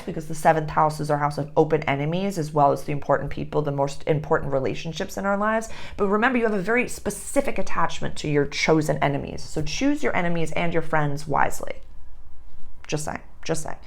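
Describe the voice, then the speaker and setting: A woman's voice: deep voice, vocal fry. A young adult woman astrologer giving a casual lesson, chatty and repeating her phrases.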